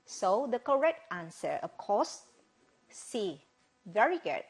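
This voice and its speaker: A woman's voice: medium pitch, sing-song, breathy edge. A woman with a Vietnamese accent teaching English vocabulary on television, asking questions and answering them herself with "very good". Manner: slow, drawn-out, asks questions and praises with "very good". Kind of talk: televised classroom lesson.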